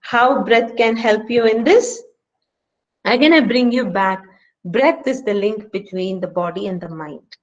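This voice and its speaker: Speaking remotely from home, a woman with an Indian English accent leads an online stress management workshop in a mid-range voice, a little slowly, over dull audio. Her tone is earnest, and she leans on emphatic rhetorical questions.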